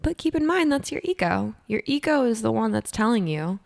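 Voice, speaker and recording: A woman's voice: on the high side, big pitch swings, a little fast, creaky, few pauses, a little mellow. A young woman co-hosting a podcast, talking candidly and emphatically and swearing freely in casual chat. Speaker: podcast co-host.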